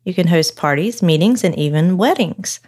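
Female co-host, low voice, chatty narration with relaxed banter. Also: normal speed, husky. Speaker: podcast co-host. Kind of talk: casual storytelling chat.

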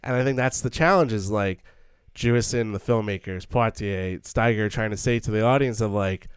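A man's voice: lowish voice, normal speed, clean tone, dry recording, studio quality. A man co-hosting a casual film discussion, earnest and thinking aloud with many stumbling restarts. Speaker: podcast co-host.

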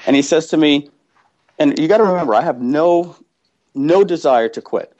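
A man telling a personal story as a guest, animated and full of restarts, acting out the people he quotes. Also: a little high, normal speed. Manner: animated, acts out quoted voices, many restarts. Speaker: guest entrepreneur. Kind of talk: casual storytelling. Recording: dull lo-fi sound.

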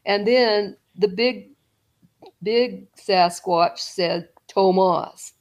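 A middle-aged woman telling a story as an interview guest, rambling, with restarts and soft laughs. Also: mid-range voice, unhurried, vocal fry.

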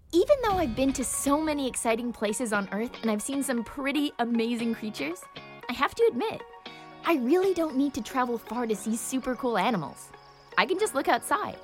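Bubbly high-voiced woman hosting a kids' show. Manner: bubbly, playful and expressive. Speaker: show host. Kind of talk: scripted kids' nature show narration.

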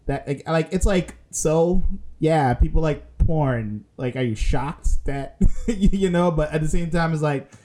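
Male podcast co-host, rambling, filler-heavy, slightly high voice. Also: a little slow, mellow. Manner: rambling, hesitant with many fillers, laughs often. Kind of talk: casual podcast chat.

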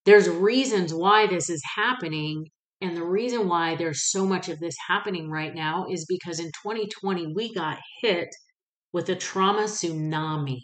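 Lowish-voiced woman podcaster in echoey room. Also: moderate pace. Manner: candid, swears freely, animated storytelling. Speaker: podcast host. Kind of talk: casual personal monologue.

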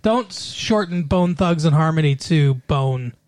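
A woman co-hosting a casual chat, playful and teasing with deadpan jokes. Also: deep voice, unhurried, no echo.

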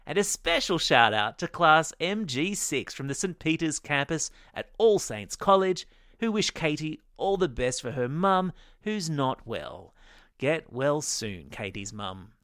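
A man's voice: a little high, sing-song, unhurried, fairly bright tone, no echo, clean studio sound. Playful man hosting kids' news. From Australia. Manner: playful, upbeat, jokey asides. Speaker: news podcast host for kids. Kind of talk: scripted news narration for kids.

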